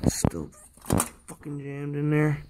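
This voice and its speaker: A man's voice: fairly high pitch, lively intonation, measured pace, background noise. A man filming himself while he works on a car, talking casually, swearing and straining as he goes. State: strained from physical effort. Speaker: DIY car repair vlogger. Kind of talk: casual talk while working.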